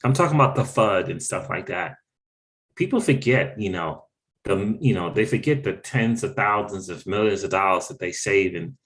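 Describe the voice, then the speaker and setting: Animated man hosting a crypto livestream. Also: fairly low pitch. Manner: animated, exclaiming, repeats phrases for emphasis; reads out and thanks chat viewers. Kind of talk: casual livestream commentary.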